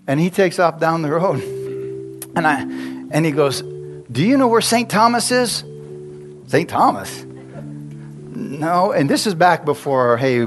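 A male pastor telling a personal story in a sermon, chatty, laughing often and asking the congregation questions. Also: mid-range voice.

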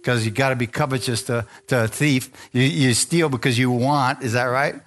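A man preaching as pastor, reading scripture and telling his own testimony, asking the congregation for amens and rising into excited high peaks. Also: moderate pace. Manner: animated preaching, calls for amen, rises to high excited peaks. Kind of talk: sermon.

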